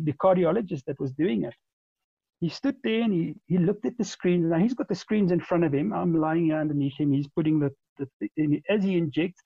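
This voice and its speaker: A man in his forties tells a long story as a podcast guest, often stumbling over repeated words and restarting. His voice is gravelly and husky, pitched a little high, with a dark, mellow tone. The recording is dull and lo-fi. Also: dry recording. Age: 40s. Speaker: interview guest. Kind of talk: conversational storytelling.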